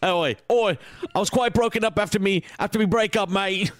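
A man voicing a bumbling, mournful male chimney sweep with an exaggerated Cockney accent, talking briskly. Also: high voice, lightly acted. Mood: mock-mournful. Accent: put-on Cockney. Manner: brisk, exaggerated, self-pitying clowning.

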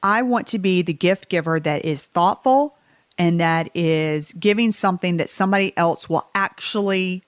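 A woman's voice: lowish voice, normal speed, no echo, clean studio sound. A woman with a Southern US accent, co-hosting a podcast in casual, chatty talk. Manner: chatty, animated, a little bitter. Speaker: podcast co-host. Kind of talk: casual chat.

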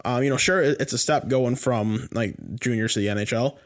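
A man's voice: mid-range voice, brisk. A man co-hosting a sports podcast in casual chat, rambling and heated, with many restarts and fillers. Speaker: podcast co-host.

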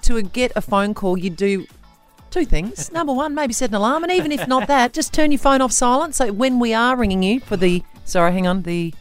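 A woman's voice: on the high side, lively intonation, fairly quick, soft background music. A woman hosting a radio breakfast show, teasing and exasperated, and she laughs often. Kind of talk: lively radio banter.

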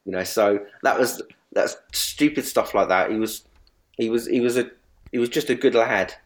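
A man in speedway journalism, sharing memories of a late colleague in a halting, repetitive way, often restarting sentences. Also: mid-range voice. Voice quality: halting, many restarts and repeats. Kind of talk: emotional tribute reminiscence.

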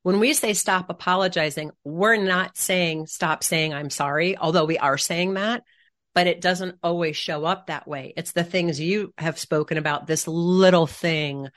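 A woman co-hosting a podcast thinks aloud in a relaxed, reflective way, at times searching for words. Her voice sits low for a woman. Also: unhurried. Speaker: podcast co-host. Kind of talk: casual chat.

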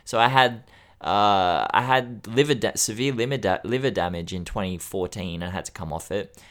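A man's voice: lowish voice, moderate pace, a bit bright. A man in his thirties chatting casually as a podcast co-host, frank and joking about hard things, swearing freely. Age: 30s. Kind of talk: casual chat.

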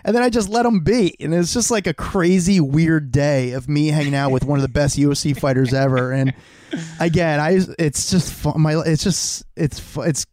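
A man tells a story with a lot of energy, acting out voices and swearing freely in loose podcast chat. His voice sits fairly high, and it was recorded close and dry, with almost no room sound. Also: moderate pace, no room sound. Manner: animated, swears freely, acts out quoted voices. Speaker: podcast co-host. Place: home.

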